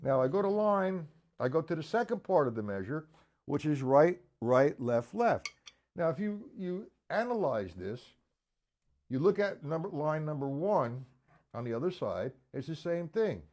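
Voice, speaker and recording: At a measured pace, a man with a fairly high, sing-song, slightly mellow voice teaches a drum lesson streamed live from an indoor studio. Slight background noise and drum playing accompany him as he counts beats and calls students by name on a live stream mic.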